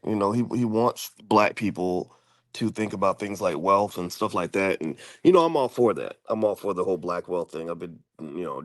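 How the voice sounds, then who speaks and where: A middle-aged man hosting, talking in measured, thoughtful, halting commentary with his wife. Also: low-pitched, no echo. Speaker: host.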